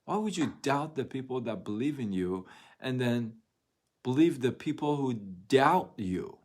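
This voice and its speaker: A man's voice: medium pitch, animated, a little slow, darkish tone. A man hosting a motivational live stream, speaking earnestly and getting emotional as he repeats his encouragement.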